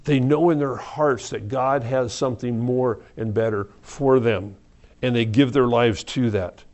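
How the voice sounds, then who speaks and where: A middle-aged man preaching an evening Bible study, talking in a halting, conversational way with restarts and soft laughs. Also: medium pitch, steady tone. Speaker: pastor.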